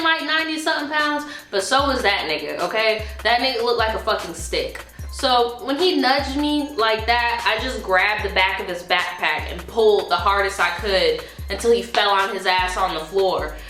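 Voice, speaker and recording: Woman vlogger, animated profane storytime, bright higher voice, echoey room. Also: moderate pace, hardly any pauses, faint music behind. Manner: animated, profane retelling with acted quotes. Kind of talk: casual storytime.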